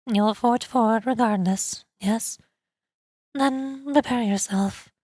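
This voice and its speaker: A woman voicing a calm, calculating schoolgirl strategist who speaks in a measured, formal way. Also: a little high, dry recording. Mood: cool calculating. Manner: measured, formal, coolly logical.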